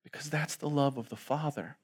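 A man who is a pastor preaching a sermon, moving between soft pleading passages and loud, emphatic calls to the congregation. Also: on the high side, a little fast, slightly rough. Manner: asks the congregation to respond aloud.

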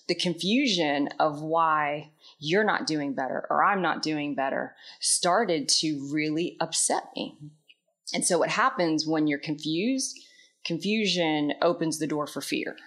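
Woman, low voice, unhurried, candid and introspective, drops soft at phrase ends. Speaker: vlogger. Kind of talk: personal reflective storytelling.

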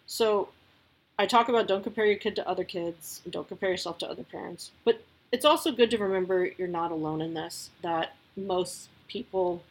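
Casting: breathy woman in her thirties, casual podcast host, rambling and friendly. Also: lowish voice, moderate pace. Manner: chatty, lots of likes and you-knows. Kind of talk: casual advice talk.

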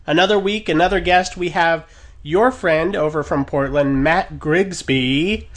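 A man's voice: fairly high pitch, a little slow. A man hosting a podcast in casual chat, with a light tenor voice, rambling with fillers and restarts. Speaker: podcast host.

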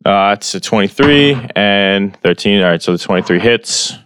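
A man's voice: fairly low pitch, animated, normal speed, a bit bright, clear, resonant tone, no echo. A man playing a tabletop game, talking casually and a little hesitantly as he describes his moves. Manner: hesitant, many "uh" and restarts. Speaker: player.

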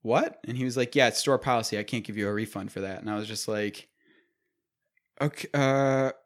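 A man's voice: fairly low pitch, fairly even intonation, brisk. A man in his twenties telling a story in casual, profane chat, acting out what people said. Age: 20s.

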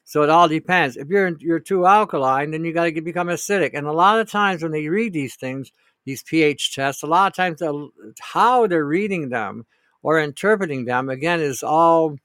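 A male host answers a listener's question in a casual, rambling monologue, opinionated and blunt, with profanity for emphasis. His voice is a little high and fairly bright. The recording is dry, with clean studio sound.

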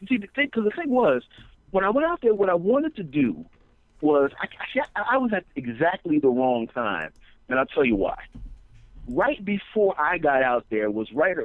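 A high-pitched man tells stories on a comedy podcast. He is excitable and tumbles through restarts, then jumps into quick impressions of the people he describes. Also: dry recording, narrow, tinny audio. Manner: excitable, doing voices, frequent restarts. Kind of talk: animated storytelling on a comedy podcast.

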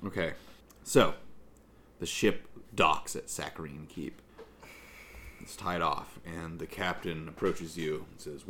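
Slow deep-voiced man running a tabletop game. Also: steady tone, pushed and bright, slight background noise. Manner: halting, full of fillers and restarts. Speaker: game master.

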